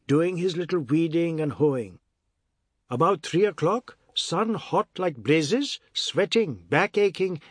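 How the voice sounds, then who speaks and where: Narrator doing a brash, melodramatic loudmouth in dialect, raised and pushy. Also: male voice, on the high side, no room sound, clean studio sound, voice pushed up. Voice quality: breezy, bawling, melodramatic. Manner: speaks in clipped island dialect. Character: brash loud middle-aged man, boastful then maudlin.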